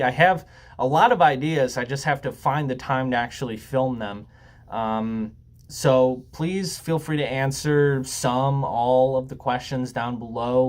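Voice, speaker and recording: A young man talking casually to camera, rambling and joking, with frequent ums and some swearing. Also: medium pitch. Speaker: YouTuber. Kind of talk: casual laid-back talk to camera.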